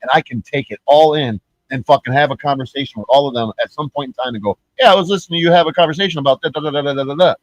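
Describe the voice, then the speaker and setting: A man's voice: fairly high pitch, rapid-fire, dry recording, muffled recording. Profane ranting streamer man. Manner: profane, rambling, mocking; repeats and restarts words. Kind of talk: ranting live-stream commentary.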